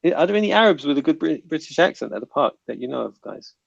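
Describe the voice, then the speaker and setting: A man with a gravelly, creaky voice hosts a casual livestream panel, reading out chat comments and bantering with guests. The sound is dry and close, with a muffled, lo-fi quality from online call audio. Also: on the high side, very animated, fast talker, dry recording.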